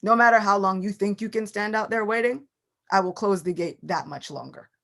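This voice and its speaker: A woman's voice: medium pitch, fairly quick, creaky, a bit bright. A woman voicing a fiercely protective new mother in a scripture story, refusing firmly and emphatically. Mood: defiant.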